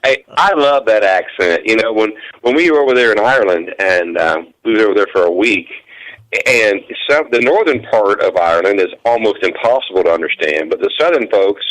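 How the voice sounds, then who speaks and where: A man's voice: on the low side, expressive, brisk, fairly bright tone, poor audio. A man, a country musician and guest, talking in an easygoing, folksy way. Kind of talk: casual interview chat.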